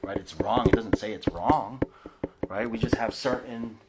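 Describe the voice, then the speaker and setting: Casual, animated preacher man. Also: fairly low pitch, unhurried, heavy background noise. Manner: casual, animated, tags lines with "right?", many restarts. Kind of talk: conversational sermon. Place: house church living room.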